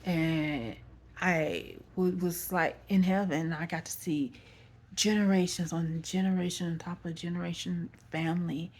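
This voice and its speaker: A woman's voice: fairly low pitch, steady tone, unhurried, a little mellow. A woman with a Texan accent telling a personal story in a loose, rambling way, often correcting herself and saying "y'all.". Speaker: vlogger. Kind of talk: casual storytime.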